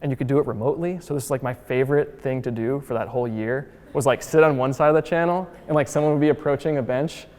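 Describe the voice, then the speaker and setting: A man gives a relaxed, chatty lecture in a mid-range voice, full of fillers and asides. His voice carries a long reverb from a lecture hall. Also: mid-range voice, fast, hardly any pauses. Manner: chatty and upbeat, heavy use of "like" and "uh"; acts out quotes with voice shifts. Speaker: museum founder giving a lecture. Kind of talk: casual lecture.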